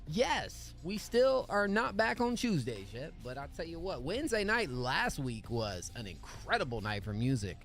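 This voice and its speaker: A man's voice: on the high side, a bit bright. A man hosting a music feedback livestream, greeting chat in upbeat, slangy casual talk. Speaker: music review livestream host.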